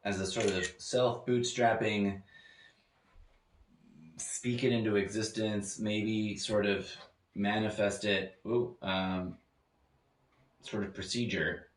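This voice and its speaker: Low-ish guy rambling thru his podcast alone, keeps restarting, roomy echo. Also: little pitch movement, takes it slowly, long pauses. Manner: meandering, hesitant, many fillers and restarts. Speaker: podcast host. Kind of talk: rambling solo podcast monologue. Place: home room used as studio. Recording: echoey room.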